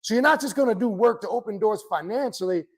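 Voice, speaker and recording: A man's voice: high voice, fast. A man teaching about the occult in a blunt, profane, impassioned lecture to his viewers. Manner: blunt, profane, animated ranting.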